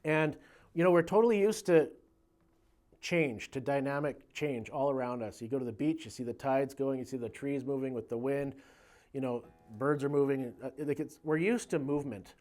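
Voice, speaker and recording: A man giving a casual guitar lesson in a relaxed, conversational way, counting beats aloud as he explains. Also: mid-range voice, normal speed. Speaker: guitar teacher. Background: guitar playing.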